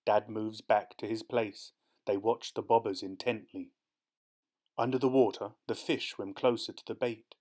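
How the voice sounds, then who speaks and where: Man narrator, children's picture book read-aloud, steady and clear. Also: lowish voice, moderate pace. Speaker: storybook narrator.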